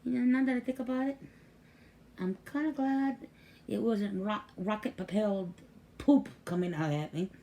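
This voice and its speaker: Gravelly-voiced grandmother telling stories. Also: medium pitch, normal speed, mellow. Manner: chatty, acts out quoted voices. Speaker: grandmother and caregiver. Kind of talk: casual storytelling vlog.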